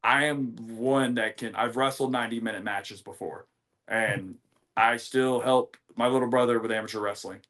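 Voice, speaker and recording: A young American man, a professional wrestler, telling stories in a rambling, animated way full of fillers and restarts. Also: medium pitch, normal speed. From United States. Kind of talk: casual interview storytelling.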